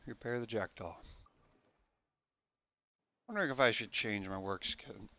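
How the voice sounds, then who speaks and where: A young man with a fairly low but bright, forceful voice talks through a game stream. He rambles on in a casual way, correcting himself mid-sentence as he goes. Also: a little slow, muffled recording. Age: young adult. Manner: rambling, self-correcting chat. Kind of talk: casual gameplay commentary.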